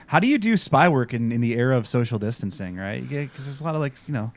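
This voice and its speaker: A man's voice: mid-range voice, expressive, quick pace. A man co-hosting a podcast, recapping a TV episode in casual chat, rambling and sarcastic with lots of fillers. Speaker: podcast co-host.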